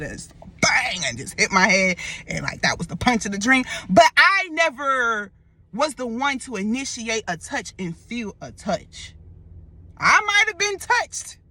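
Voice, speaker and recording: A young woman casually retelling a dream in a vlog, expressive and loose, full of slang and swearing. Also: on the high side, dry recording. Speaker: storyteller vlogger.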